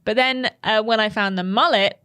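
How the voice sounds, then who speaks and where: A woman's voice: a little high, normal speed, fairly bright tone, clean tone. A woman co-hosting a gaming podcast, chatting in a bubbly, enthusiastic and rambling way. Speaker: podcast co-host. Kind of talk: casual chat.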